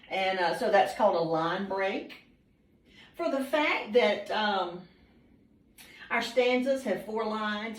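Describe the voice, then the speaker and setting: A woman teacher, patiently questioning students by name in a classroom, with frequent ums. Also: medium pitch. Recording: roomy classroom, mic far off.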